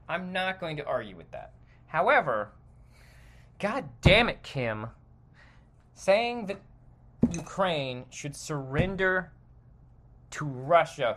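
A man hosting a podcast in a heated opinion monologue, swearing often. His pitch jumps and swings widely as he goes. He loses his thread, restarts and rambles on. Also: a bit bright. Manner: heated, profane ranting; self-interrupting and rambling. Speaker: podcast host.

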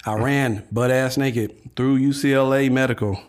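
A man, a guest on a casual podcast, telling a personal story in a lively way, full of restarts. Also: medium pitch, normal speed. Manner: animated, laughing storytelling with many restarts. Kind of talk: casual chat.

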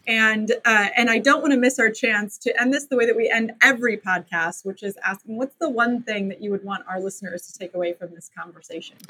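A woman hosting a podcast interview, effusive and quick to laugh. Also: fairly high pitch, husky, low-quality recording. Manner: warm, effusive, laughs often. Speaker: podcast host.

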